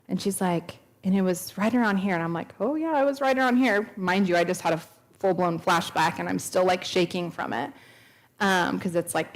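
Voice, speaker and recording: Woman, thirties, church testimony, earnest storyteller, slightly low voice, acts out quoted lines. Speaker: speaker at a church. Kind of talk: personal testimony talk. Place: church sanctuary.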